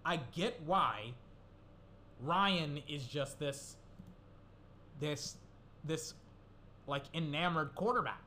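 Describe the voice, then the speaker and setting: A man's voice: fairly high pitch, slow, pauses often, bright, forceful tone, slight background noise. A young man rambling through casual solo commentary, swearing and getting worked up as he goes. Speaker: gaming commentator.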